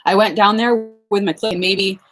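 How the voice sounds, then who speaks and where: A woman's voice: mid-range voice, fairly even intonation, normal speed, fairly bright tone. Chatty woman hosting a live farm Q&A. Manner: chatty, laughs often, many fillers and asides to viewers. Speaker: flower farmer hosting a live Q&A. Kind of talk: casual live-stream chat reading viewer comments. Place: outdoors on a farm.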